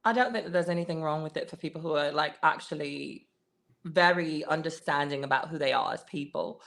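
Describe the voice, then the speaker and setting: A woman's voice: deep voice, brisk, creaky, a bit bright. A woman co-hosting a comedic talk show, trading sassy, teasing banter. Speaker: co-host.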